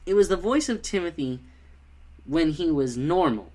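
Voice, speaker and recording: A man's voice: fairly high pitch, animated, moderate pace, mellow. A man giving a casual spoken review of a fan film, rambling and critical with many fillers.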